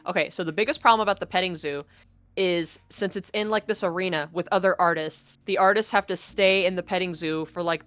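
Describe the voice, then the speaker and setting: A woman chatting casually as a guest, an animated storyteller who acts out the people she quotes. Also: on the low side, smooth, no room sound, lo-fi sound. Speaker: guest, game co-developer. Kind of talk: casual podcast chat.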